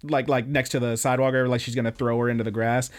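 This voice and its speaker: A young male podcast host talking through anime episodes in a loose, chatty way, full of fillers and casual swearing. His voice sits at an ordinary middle pitch. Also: little pitch movement, quick pace. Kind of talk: casual anime recap chat.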